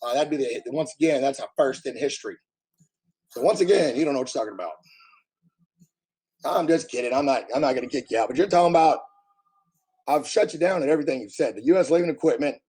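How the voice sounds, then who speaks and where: Hoarse husky man ranting on a livestream. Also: mid-range voice, lively intonation, fast talker, pauses often, poor audio. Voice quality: husky, strained. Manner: blunt, combative, swears, loud to be heard. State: hoarse, damaged voice after covid. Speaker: livestreamer answering chat. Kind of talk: casual live-stream rant.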